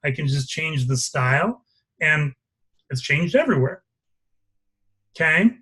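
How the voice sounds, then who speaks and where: Male instructor, slightly high voice, walks through a screen demo step by step, asks for questions. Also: very animated, measured pace, bright, forceful tone, breathy edge. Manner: explains step by step, checking for questions. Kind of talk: live software lesson with screen demo.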